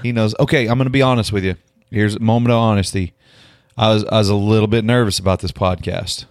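Chatty middle-aged podcast host, lowish voice. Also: male voice, fairly even intonation, fast talker, no room sound, studio quality. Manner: talkative, chatty, repeats words when starting sentences. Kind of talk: casual interview chat.

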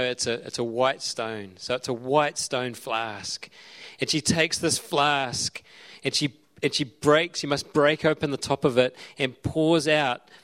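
A man's voice: medium pitch, a bit bright, smooth. Chatty man giving a sermon. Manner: chatty, digressive, storytelling asides. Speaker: pastor. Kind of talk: conversational sermon.

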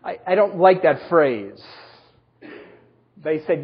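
A man preaching a sermon, telling personal stories with self-deprecating humor in a husky voice. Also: fairly high pitch, expressive, takes it slowly, dull audio. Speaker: pastor.

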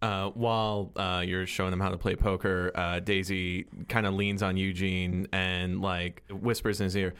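A man's voice: sits low, little pitch movement, moderate pace, hardly any pauses, fairly bright tone, clean tone. A man acting as game master of a tabletop role-playing game, explaining the rules with hesitant fillers. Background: music.

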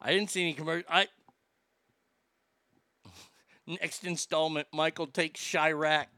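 A man's voice: on the high side, fairly even intonation, a little slow, sharp tone, no room sound, studio quality. A man ranting casually and profanely about movies while reading out listener comments. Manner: swearing, exasperated ranting.

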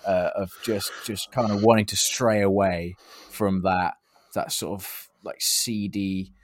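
A man's voice: low voice, level tone, measured pace, no room sound, studio quality. A man co-hosting a podcast, chatting eagerly about films and acting out lines from them. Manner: enthusiastic, acts out film lines. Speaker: podcast co-host. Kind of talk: casual film chat.

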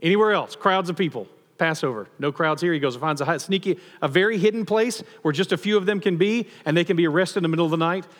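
Man, pastor, sermon, fairly high voice, long hall reverb. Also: fast talker, few pauses. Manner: conversational, animated storytelling with humor.

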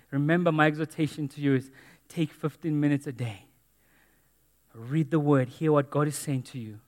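A man's voice: on the high side, in a large hall. A man preaching a sermon in a church, earnest and emphatic, repeating key phrases. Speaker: pastor.

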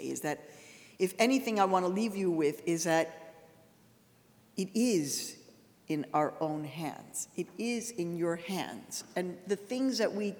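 Woman lecturer, earnest storyteller, lively emphasis, long hall reverb. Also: mid-range voice. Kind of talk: public lecture.

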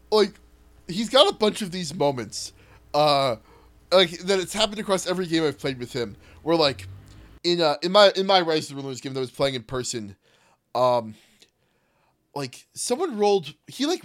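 A man tabletop player in casual chat, telling stories in a rambling, animated way and swearing casually. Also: on the high side. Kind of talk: casual podcast chat about a tabletop campaign.

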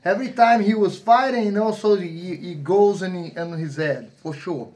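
A man who is a fighter, telling stories with animated energy in broken, non-native English grammar. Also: high-pitched, normal speed. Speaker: fighter, guest. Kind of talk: casual podcast chat.

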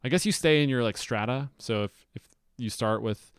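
A man's voice: mid-range voice, normal speed, clean tone, no echo, clean studio sound. A young man co-hosting a podcast in casual chat, arguing his point and talking over his friend. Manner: argumentative, talks over the other host. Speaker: podcast co-host.

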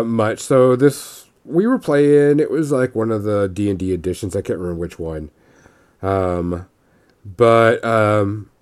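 A man casually telling a tabletop gaming story, rambling with frequent restarts and quoted voices. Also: medium pitch.

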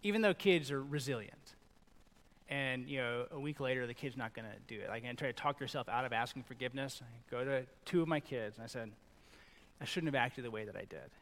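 A middle-aged male pastor preaching a sermon in a conversational, animated way, acting out little quoted lines. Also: medium pitch, fairly quick. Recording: long reverb in a large hall.

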